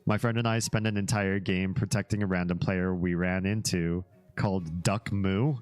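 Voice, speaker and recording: A man with a very low, deep voice hosts a relaxed livestream and talks his way through a web page with his viewers. He wanders off into asides and chuckles as he goes. A soft musical bed plays faintly underneath. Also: moderate pace, clean tone, dry recording, faint music behind. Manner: easygoing and rambling, drifting into asides and small laughs. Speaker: livestream host. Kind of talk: casual livestream chat, reacting to a web page and chat.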